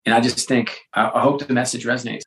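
Gravelly man telling animated stories. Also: mid-range voice, quick pace, low-quality recording. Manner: animated storyteller with frequent restarts and fillers. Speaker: interview guest, sports executive and author. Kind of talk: casual conversational interview.

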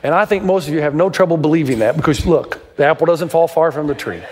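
A fairly high-voiced middle-aged man preaches with lively, theatrical storytelling, his voice ringing through a long hall reverb. He grew up in Tennessee and spins family tales into sermon points. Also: fast. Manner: dramatic storytelling, pitch leaping up in quoted voices. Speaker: pastor.

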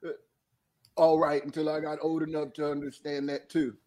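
A man who is crying as he talks, his voice pitched a little high for a man. He speaks with halting passion and restarts, angry and hurt, letting a swear slip now and then. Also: completely flat delivery, a little mellow. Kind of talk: emotional group discussion.

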